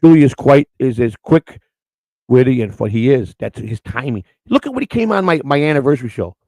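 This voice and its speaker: Gravelly rambling live-stream host man. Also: medium pitch, big pitch swings, brisk, a little mellow, dry recording, rough recording. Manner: rambling, repeats words as he restarts; blunt, crude talk. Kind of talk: unscripted live-stream chat.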